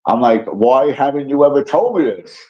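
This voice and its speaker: A man hosting a live stream, telling a rambling, profane story with excitable asides while drowsy and yawning. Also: medium pitch, moderate pace, lo-fi sound. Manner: profane, excitable, tangent-prone. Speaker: livestream host.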